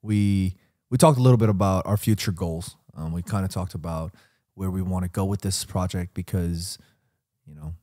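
A man's voice: low-pitched, moderate pace, dark tone. A young man co-hosting a podcast in casual chat, playful and teasing, laughing often. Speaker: podcast co-host.

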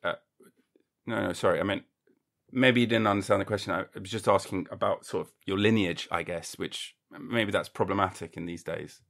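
A man's voice: low voice, a little fast, creaky, fairly bright tone. A man hosting a podcast in a casual comedic monologue, rambling and jokey, swearing freely and acting mock-indignant. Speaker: podcast host.

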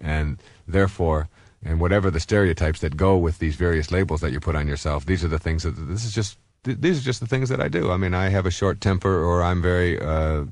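A man's voice: deep voice, fairly quick, darkish tone, no room sound. A man in his fifties, a self-help author, giving a conversational motivational talk full of personal stories, with many fillers and restarts.

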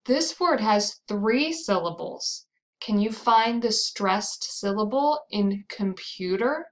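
Very slow, deliberate American woman teacher. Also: medium pitch, animated, poor audio. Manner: drills words slowly and repeats them. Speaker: pronunciation teacher. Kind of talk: slow, clearly enunciated teaching.

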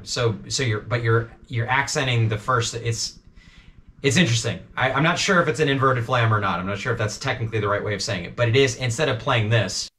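A man's voice: medium pitch, a bit bright, slight background noise. A man teaching a drum part in a casual walkthrough, counting beats aloud and often checking in with "okay?". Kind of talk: instructional walkthrough.

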